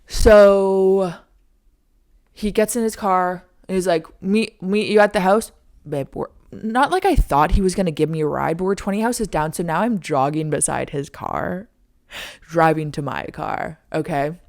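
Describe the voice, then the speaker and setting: A young woman in her twenties hosting a podcast, telling a story in a casual, animated way with lots of "like". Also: normal speed. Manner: animated, frequent "like", acts out her own lines in a high squeaky voice. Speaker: podcast host.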